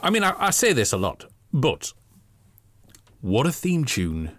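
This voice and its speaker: A man's voice: medium pitch, wildly swooping pitch, unhurried, very noisy. A man co-hosting a podcast, chatting in an enthusiastic, sweary way. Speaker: podcast co-host. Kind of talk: casual chat.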